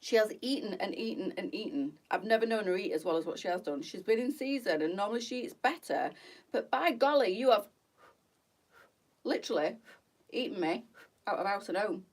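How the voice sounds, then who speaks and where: A chatty British woman hosting a relaxed live stream, rambling from one tangent to the next. She sits a little back from the mic, so her voice sounds slightly distant. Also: medium pitch, brisk. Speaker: boutique live-stream host. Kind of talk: casual live-stream chat.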